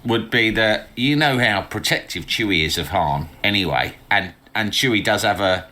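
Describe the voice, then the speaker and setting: A man riffing on films as a podcast co-host. His voice sits a little low but comes across bright and forceful. He swears freely and slips into mock voices for the characters he quotes. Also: moderate pace. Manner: sweary, animated, acts out quotes. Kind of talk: casual comedic film chat.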